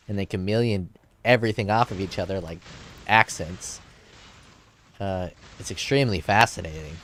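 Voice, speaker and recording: A man's voice: on the low side, a bit bright. A man streaming a game, chatting casually and rambling through crude jokes.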